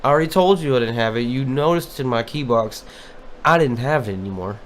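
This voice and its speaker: A man's voice: medium pitch, animated, a little fast, slight background noise. A man co-hosting a casual podcast, telling a profane, exasperated story about a coworker. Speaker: podcast co-host. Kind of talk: casual chat.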